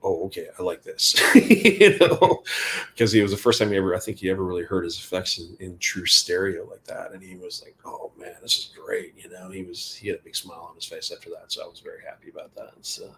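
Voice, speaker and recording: A man's voice: low-pitched, little pitch movement, quick pace, vocal fry, few pauses, bright, forceful tone, a little hiss or hum. A man telling casual backstage anecdotes in an interview, rambling and quoting conversations. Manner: rambling anecdotes with quoted dialogue and laughs. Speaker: guitar tech guest.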